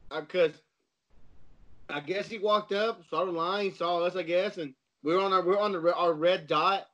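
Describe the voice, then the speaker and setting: Brief: high-pitched male co-host, animated, profane, slightly muffled recording. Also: moderate pace. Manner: animated storyteller, swears freely, acts out others. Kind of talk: casual chat. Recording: slightly dull lo-fi sound.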